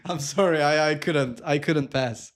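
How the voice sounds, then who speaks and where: Chatty man cooking on a livestream. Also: on the high side. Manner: chatty, laughs often, reads viewer comments aloud; animated, self-mocking exclamations. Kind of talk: casual live-stream chat while cooking.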